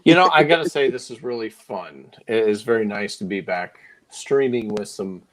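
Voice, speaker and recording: A man's voice: fairly low pitch, moderate pace. A man teasing a friend in casual chat on a live stream panel, laughing often. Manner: teasing, laughs a lot, lively.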